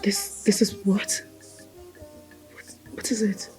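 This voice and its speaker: An actress playing a loving wife, coaxing softly in a film drama. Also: female voice, mid-range voice, little pitch movement, takes it slowly, faint music behind, natural voice. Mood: worried. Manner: soft, coaxing. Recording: film score behind.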